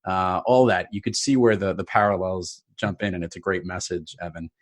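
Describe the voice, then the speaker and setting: A man's voice: low-pitched, steady tone, brisk. A man hosting a podcast, interviewing his guest in an easy, encouraging way. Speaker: podcast host. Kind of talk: conversational interview.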